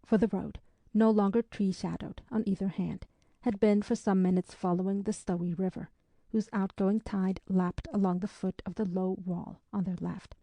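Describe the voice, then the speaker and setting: A woman with a medium-pitched voice narrates an audiobook in a measured, even storytelling manner. The recording is dry.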